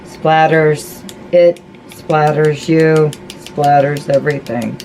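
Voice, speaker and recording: A woman's voice: sits low, fairly even intonation, slow pace, darkish tone, low-quality recording. A woman chatting casually through a craft tutorial, folksy and talking to herself as she paints. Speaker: crafting vlogger.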